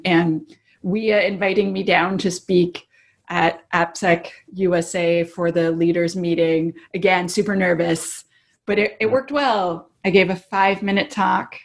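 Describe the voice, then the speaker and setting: A woman telling a story in casual chat on a video call, lively and laughing often. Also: on the low side. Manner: animated, acts out quoted voices, laughs often. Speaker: guest.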